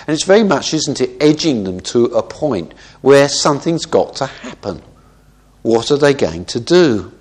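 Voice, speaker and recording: A male preacher explains a scripture passage in a relaxed, conversational manner, checking in with his listeners through frequent rhetorical tag questions. His voice sits at a middling pitch, and his talk is thoughtful and unhurried, with small restarts as he thinks aloud. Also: husky. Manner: thoughtful with small self-corrections. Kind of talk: expository Bible teaching.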